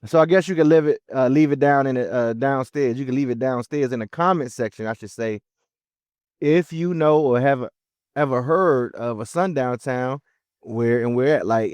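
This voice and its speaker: A man co-hosts a trucking podcast in a relaxed, easygoing manner. His mid-range voice is recorded close and dry. He talks casually, with a few fillers along the way. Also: mid-range voice, moderate pace, clean tone, no echo. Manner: laid-back, relaxed, many fillers. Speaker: podcast co-host, truck driver. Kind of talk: casual chat.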